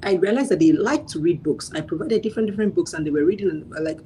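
A woman guest sharing her parenting experience in casual chat, telling animated stories, acting out dialogue and laughing often. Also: on the low side, very fast, few pauses, slight background noise, rough recording.

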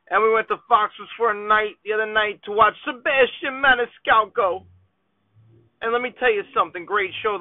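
A man's voice: high voice, no echo. A man, ranting comically to the viewer while driving in a car, chatty and exasperated. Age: 30s. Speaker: vlogger. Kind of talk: rambling comedic rant while driving. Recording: tinny phone-like sound, dry.

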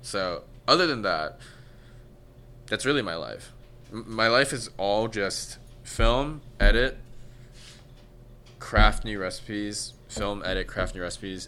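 A man's voice: on the low side, lively intonation, slow, long pauses, bright, forceful tone, a little hiss or hum. A man in his twenties, a cooking creator, chatting casually as a podcast guest in a dry, laid-back way and swearing offhandedly.

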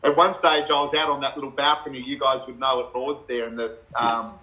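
A middle-aged Australian man, a guest in a casual chat, telling animated stories with laughs and acted-out quotes. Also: mid-range voice, a little fast, low-quality recording.

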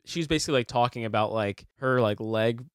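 Casting note: male podcast co-host, mid pitch, dry close sound, rambling and laughing storyteller. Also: brisk, clear, resonant tone, no room sound. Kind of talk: casual chat.

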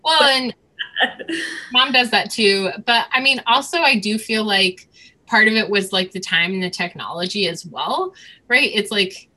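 A woman's voice: medium pitch, measured pace, bright, forceful tone. A woman in her thirties casually telling a personal story, rambling with many fillers as she chats with her co-host. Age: 30s.

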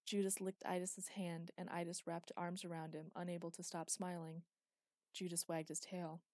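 Low, even woman storyteller. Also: normal speed, no echo, studio quality. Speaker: narrator. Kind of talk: storybook narration.

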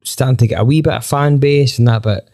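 A man, a band member telling a story in a casual chat, animated and full of restarts. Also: medium pitch, quick pace.

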